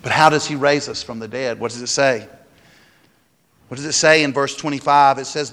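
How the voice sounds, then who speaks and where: A man's voice: mid-range voice, steady tone, normal speed, a bit bright. A pastor preaching a sermon, stressing his points and asking the congregation rhetorical questions. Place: church sanctuary. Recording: long hall reverb.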